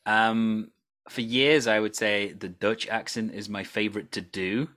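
A Welsh man hosting an improv podcast interview, relaxed and playful with easy filler ums. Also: lowish voice, measured pace. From Wales. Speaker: podcast host. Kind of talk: casual interview chat.

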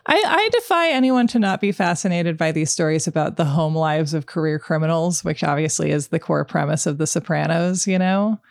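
Woman host with a lowish voice, thoughtful casual chat, dry close sound. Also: animated, a little fast, vocal fry, hardly any pauses, no room sound. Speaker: podcast host.

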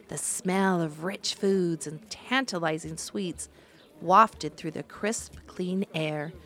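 A woman narrating a fantasy storybook in a measured, descriptive manner. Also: fairly low pitch.

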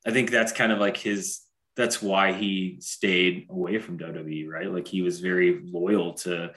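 Chatty deep-voiced man telling stories. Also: fairly even intonation, a little slow, fairly bright tone. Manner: chatty storyteller, heavy on fillers like "like". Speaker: podcast co-host, wrestler. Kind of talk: casual chat.

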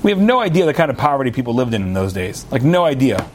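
A man, a rabbi, telling a story in a Torah class in an animated, emphatic way. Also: medium pitch, quick pace, background noise.

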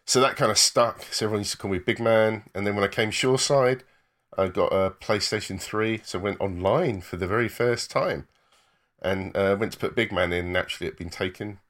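A man's voice: on the low side, a little fast, a bit bright. A man co-hosting a podcast, telling a story in a laid-back way. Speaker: podcast co-host. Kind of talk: casual chat.

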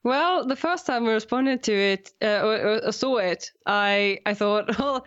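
A woman's voice: mid-range voice, unhurried, fairly bright tone, clean tone. Woman, interview guest, casual, laughs a lot, many restarts, slightly muffled audio. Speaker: guest, science communicator.

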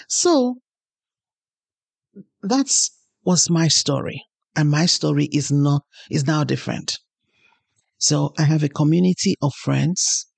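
A woman's voice: sits low, creaky, husky, dry recording. A woman hosting a podcast, giving an earnest motivational talk and telling personal stories. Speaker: podcast host.

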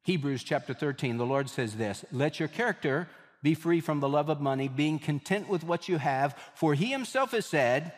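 A male pastor delivering an emphatic sermon, repeating key phrases and slowing down for weight. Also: fairly high pitch, expressive. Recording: long hall reverb.

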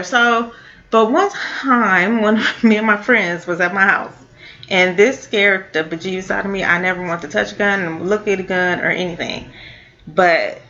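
A woman telling a personal story in a casual, halting way, with many fillers and restarts. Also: medium pitch, sharp tone. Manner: halting, full of fillers and restarts, laughs now and then. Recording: dull lo-fi audio.

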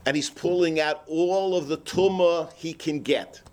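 Animated high-voiced man giving a sermon. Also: a little slow. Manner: animated storyteller, acts out characters, cries out. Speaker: rabbi. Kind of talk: sermon with storytelling.

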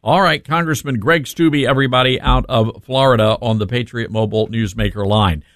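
A man's voice: medium pitch, a little fast, fairly bright tone, no echo, clean studio sound. A man hosting a talk radio show, speaking in a brash and blunt way.

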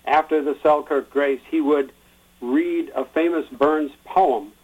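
A man's voice: fairly high pitch, slow, breathy edge. Man explaining a tradition, dull lo-fi sound. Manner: plain-spoken, relaxed explaining with some fillers. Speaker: guest explaining a Burns supper. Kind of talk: explanatory chat.

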